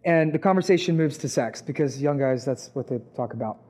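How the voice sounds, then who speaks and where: A man, perhaps in his twenties, preaching a sermon with a personal testimony, talking conversationally and rising to loud, emphatic peaks. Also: mid-range voice, fairly quick. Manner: conversational, acts out quoted voices, rises to loud emphatic peaks.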